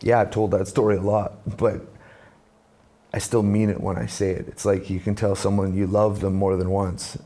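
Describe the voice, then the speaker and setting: Gravelly, dark-voiced man telling his story. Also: lowish voice, normal speed. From Canada. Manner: animated storyteller, acts out quoted voices. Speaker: guest, musician and speaker. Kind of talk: conversational storytelling.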